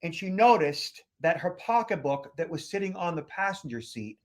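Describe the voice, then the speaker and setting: A man from the Boston area with a fairly high voice tells stories in a loose, rambling way. He keeps stopping to restart with "uh" and "you know" as he chats with his co-host. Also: very animated, moderate pace. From Boston area, United States. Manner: rambling anecdotal storyteller with many fillers and restarts. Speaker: podcast co-host, security expert. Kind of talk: casual chat.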